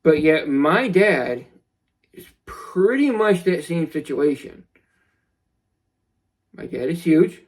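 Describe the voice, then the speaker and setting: A young man telling a personal story in a vlog, earnest and somber, halting with many restarts. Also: fairly high pitch, very animated, rough recording. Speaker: vlogger.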